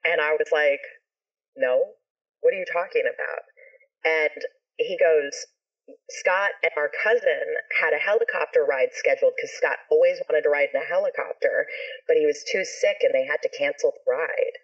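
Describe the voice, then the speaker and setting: A woman's voice: sits low, normal speed. A woman guest on a video call, telling a story in casual chat, swearing freely and acting out what people said. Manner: animated, swears freely, acts out quotes. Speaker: guest, ska musician and actor. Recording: dull lo-fi video call audio.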